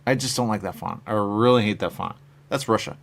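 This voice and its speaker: Gravelly, rambling man on a live stream. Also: fairly low pitch, brisk. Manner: musing and meandering, trailing off quietly at phrase ends; reads out and answers viewer comments. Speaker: host of a live stream talking about his comic covers.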